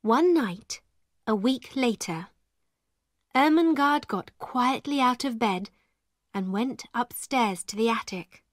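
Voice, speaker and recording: Storybook narrator: a woman, slow and deliberate, dry close sound. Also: on the high side, animated, no room sound. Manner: clear and deliberate.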